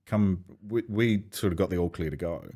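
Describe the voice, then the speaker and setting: Aussie bloke, low voice, casual podcast chat, swears a lot, acts out the people in his stories. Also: normal speed. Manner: swearing, animated anecdotes with quoted voices. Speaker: podcast guest.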